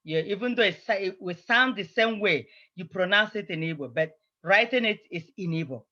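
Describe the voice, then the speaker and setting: Bright-voiced woman teaching a language lesson. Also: medium pitch, lively intonation, brisk. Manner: drills phrases, repeating each several times. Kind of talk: slow, repetitive language lesson. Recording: slightly dull, lo-fi recording.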